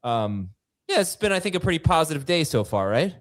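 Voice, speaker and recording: An energetic man hosts a sports talk show and rattles quickly through the headlines. His voice sits a bit high for a man. He sounds excitable and eager. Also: no room sound. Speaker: host.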